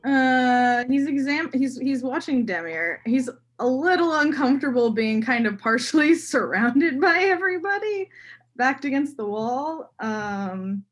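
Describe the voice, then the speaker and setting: A woman's voice: sits high, expressive, a little slow, faint music behind. Woman in an rpg session, laughs a lot, talks through what her guy does. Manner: describes her character's actions, laughs often. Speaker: player. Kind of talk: tabletop role-play chat.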